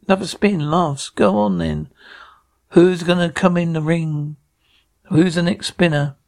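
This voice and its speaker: An actor playing a brash man running a two-up game, calling loudly and pushing the crowd to bet. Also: high-pitched, gravelly. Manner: loud, pushy crowd calling. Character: brash male two-up ringkeeper, adult. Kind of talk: drama dialogue.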